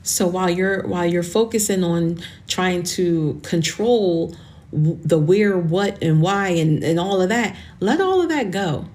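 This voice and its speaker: A woman's voice: on the low side, unhurried, a little mellow. Earnest, encouraging woman podcast host. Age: 40s. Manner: earnest, encouraging, calls listeners honey. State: tearful, emotional. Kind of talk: motivational podcast monologue.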